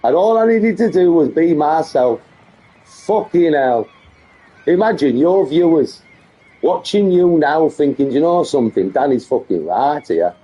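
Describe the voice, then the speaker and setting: A man's voice: a little high, expressive, a little slow, warm tone, breathy edge. A middle-aged man with a Birmingham accent, boasting and mocking in a swearing vlog rant. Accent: English, Birmingham. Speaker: vlogger. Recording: muffled lo-fi clip audio.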